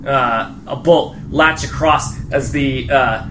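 A man's voice: mid-range voice, slow, background noise. A man narrating as game master, hesitant, with many fillers and restarts.

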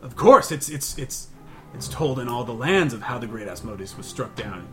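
A man's voice: medium pitch, lively intonation, moderate pace, over music, lightly acted. A man voicing a male adventurer who stammers and falters. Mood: defiant. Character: male adventurer, defiant then panicking.

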